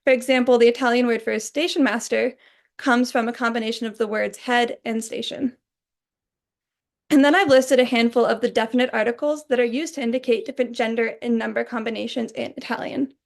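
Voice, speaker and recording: A young woman delivers a recorded class presentation in a clear, explanatory way. Her voice sits a little high and carries a gravelly edge. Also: steady tone, a little fast. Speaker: student presenter.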